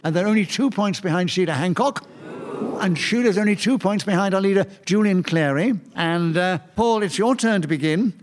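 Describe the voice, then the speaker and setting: A man chairing a radio panel game before a live audience, briskly ruling on challenges. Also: high voice. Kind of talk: radio panel show hosting.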